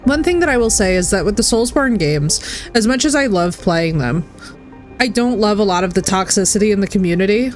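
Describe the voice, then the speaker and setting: A talkative woman streams a game and chats freely, her mid-pitched voice moving along in a loose, animated flow. Faint background music plays under her voice. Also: a little fast. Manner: chatty, animated, slips into put-on voices. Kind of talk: casual chat while gaming.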